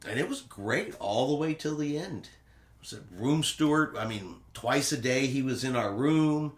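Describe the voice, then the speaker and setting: A man hosting a travel vlog, telling a casual cruise recap in an animated way and acting out quotes dramatically. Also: medium pitch, moderate pace, reverberant. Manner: animated storyteller who acts out quotes dramatically.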